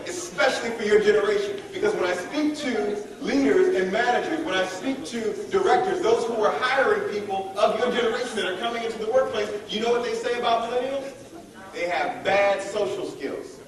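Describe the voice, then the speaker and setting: A man with a fairly high voice leads a leadership workshop, energetic and playful as he works a live group. He sounds distant from the microphone, and his voice rings around a large, echoey hall. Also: normal speed, a faint crowd. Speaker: workshop speaker. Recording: echoey room from far off.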